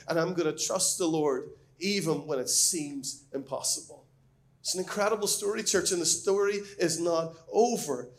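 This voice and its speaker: A man's voice: on the high side, normal speed. A man preaching a sermon as a pastor, reading scripture and speaking earnestly and emphatically, with rising questions.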